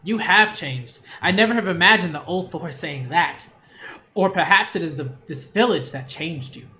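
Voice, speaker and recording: A man reading as a calm warrior. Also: high-pitched, normal speed, slight background noise.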